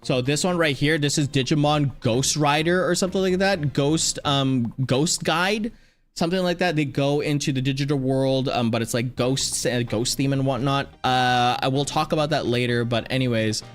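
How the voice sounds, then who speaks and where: A man's voice: medium pitch, normal speed, soft background music. A man streamer chatting casually and rambling, often restarting his sentences. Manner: rambling, with many restarts and fillers. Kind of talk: casual chat.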